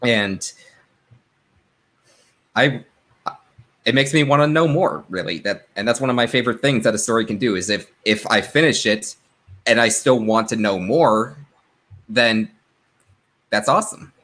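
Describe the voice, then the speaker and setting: A man's voice: medium pitch, unhurried, long pauses, a bit bright. A man on a podcast panel, talking in a loose, rambling way with plenty of fillers. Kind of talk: casual chat.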